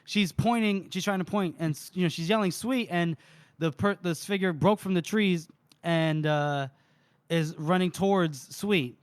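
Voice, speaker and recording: A man co-hosting a book podcast, retelling scenes and quoting lines with frequent laughter. His voice sits a little high and sounds dry and close to the mic. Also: moderate pace, smooth, dry recording. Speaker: podcast co-host recapping chapters. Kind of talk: casual book recap chat.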